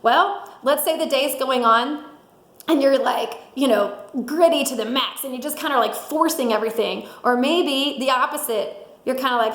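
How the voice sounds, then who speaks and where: A middle-aged woman giving an energetic motivational talk, laughing often and acting out little quotes. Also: sits high, moderate pace. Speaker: sales director giving a mindset talk. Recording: roomy echo.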